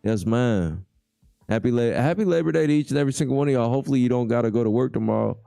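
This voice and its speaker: A man's voice: medium pitch, rapid-fire, gravelly, warm tone, no room sound, clean studio sound, faint music behind. A man hosting a casual livestream chat, laid-back and reading viewer comments aloud. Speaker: livestream host.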